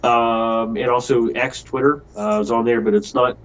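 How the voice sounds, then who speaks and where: A man's voice: medium pitch, steady tone, normal speed, highs cut off. A man who plays in a band, answering interview questions hesitantly with lots of ums and uhs. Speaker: band musician guest.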